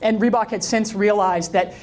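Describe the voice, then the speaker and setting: Middle-aged woman telling a lively story. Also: mid-range voice, moderate pace, slight background noise. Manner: lively storyteller who acts out dialogue and quizzes the audience. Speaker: speaker. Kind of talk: live talk to an audience.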